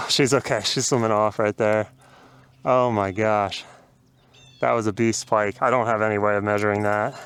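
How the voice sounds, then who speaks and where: A man vlogging his fishing day outdoors on a river, talking casually to viewers with excited exclamations and laughter. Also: lowish voice, normal speed, slight background noise.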